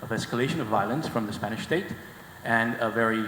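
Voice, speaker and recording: Low-voiced man asking a hesitant question. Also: fairly quick, fairly bright tone. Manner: hesitant, many fillers, earnest. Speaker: audience member asking a question. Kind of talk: conference Q&A. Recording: echoey hall, faint background noise.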